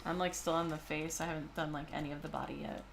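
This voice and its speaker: Chatty woman with a lowish voice. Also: fast talker, slight background noise. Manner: chatty, filler-heavy, excitable. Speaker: co-host and artist. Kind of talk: casual chat while drawing.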